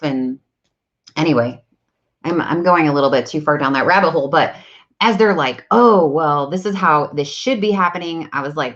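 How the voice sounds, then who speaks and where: On her self-improvement live stream, this thirty-something vlogger speaks in a fairly low, slightly bright voice. Chatting casually and frankly with viewers, she recounts personal stories and plays out the dialogue, all captured in muffled lo-fi audio.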